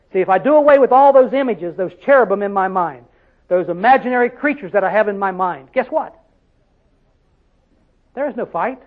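High-voiced preacher, tinny sound. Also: male voice. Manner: folksy, rhetorical questions, dialect grammar. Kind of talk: sermon. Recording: tinny phone-like audio.

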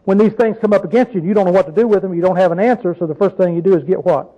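A man gives an informal Bible teaching in a high-pitched, very fast voice with a dark tone, and the audio sounds dull. He keeps it conversational, often asking his listeners questions and dropping folksy stories and asides.

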